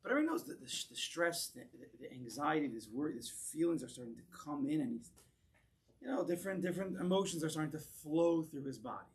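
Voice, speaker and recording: A man, a rabbi, teaching a class in a synagogue, animated and drawing in his audience, often restarting words as he goes. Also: on the high side, quick pace. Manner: animated, acts out voices in quoted lines, repeats words as he restarts. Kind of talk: lecture with audience discussion.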